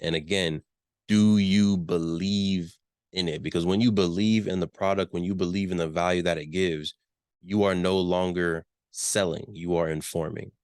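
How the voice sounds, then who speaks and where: A man's voice: low voice, fairly even intonation, moderate pace, darkish tone, clean tone, no room sound, clean studio sound. A man giving a business workshop talk, emphatic, repeating key questions and checking in with his listeners. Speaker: workshop presenter.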